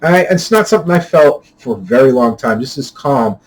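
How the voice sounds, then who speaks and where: A man telling a personal story in a rambling, casual way, stumbling and repeating words, getting louder and more heated at the tense parts. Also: animated, normal speed, rough recording. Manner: grows louder and higher when retelling heated moments. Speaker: channel host.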